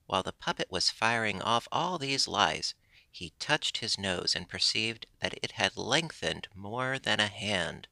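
Man reading an old kids story, low gravelly voice, bright and dry. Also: animated, a little slow, no room sound. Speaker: audiobook narrator. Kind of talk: scripted narration.

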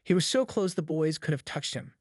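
A man reading a novel aloud in steady, measured audiobook narration. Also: fairly high pitch, husky, no echo, clean studio sound.

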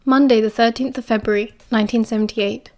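A woman narrating a fan fiction audiobook in a measured, expressive reading style. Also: a little high. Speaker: audiobook reader.

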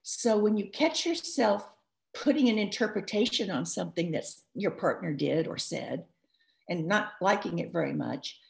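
A woman author giving advice in a live interview, talking in a lively, rambling way full of restarts and asides. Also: on the low side, normal speed, gravelly. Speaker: author discussing her book.

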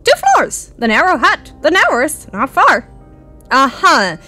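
A woman's voice: high voice, big pitch swings, measured pace, bright, forceful tone, faint music behind, pitched above the performer's own voice, exaggerated voice. Woman squawking as a crazed toothy bird. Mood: squawking, cryptic. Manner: squawky broken phrases, repeating words. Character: deranged talking bird with teeth, cryptic and spiteful. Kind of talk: reading game dialogue aloud.

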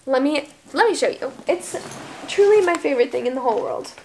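A young woman in her early twenties from the United States, chatting to her camera at home. Her voice sits high, and her talk is bubbly and gushing, full of "like" and little fillers. The sound comes from the camera's own microphone. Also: expressive, fairly quick, gravelly, darkish tone, slight background noise. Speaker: vlogger. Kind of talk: casual favorites vlog.

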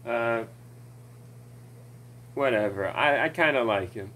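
A man's voice: medium pitch, takes it slowly, fairly bright tone, slight background noise, poor audio. A man ranting casually about a video game, rambling and swearing, with many fillers and laughs, recorded at home on a desk mic. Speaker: gaming commentator.

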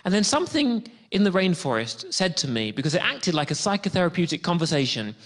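A man reading his memoir with animated comic timing. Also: high-pitched, fairly quick, hardly any pauses. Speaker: audiobook narrator.

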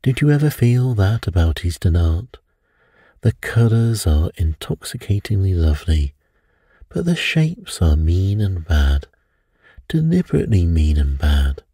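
A man reading a bedtime story, voicing a brooding priest who speaks low and dreamily of evil. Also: sing-song, measured pace, warm tone, husky, dry recording, clean studio sound, full character voice. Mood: dreamy. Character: mystical, brooding elderly male priest.

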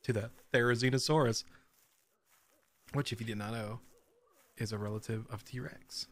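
A man's voice: medium pitch, fairly even intonation, normal speed, dry recording. A man playing a horror game, nervously commenting, laughing and swearing as he goes. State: scared, on edge. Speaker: gaming channel host.

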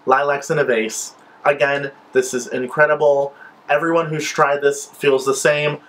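A man's voice: on the high side, little pitch movement, normal speed, fairly bright tone, poor audio. A man vlogging a casual product review of scented wax melts, gushing and enthusiastic as he sniffs each one.

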